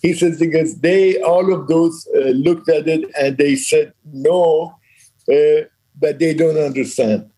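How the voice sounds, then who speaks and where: An older man recounts his business history in a lively interview, slipping into the voices of the people he quotes and laughing along the way. His voice sits a little high for a man, with a husky edge and a mellow, darker tone. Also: slow pace, poor audio. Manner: animated anecdotes, acts out quoted dialogue, frequent laughs. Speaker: toy company founder, interview guest. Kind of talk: storytelling in a conversational interview.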